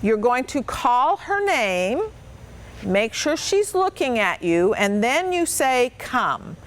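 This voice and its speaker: Woman dog trainer, patient and encouraging, bright sing-song praise, fairly high and very animated. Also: takes it slowly. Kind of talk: hands-on instruction to children.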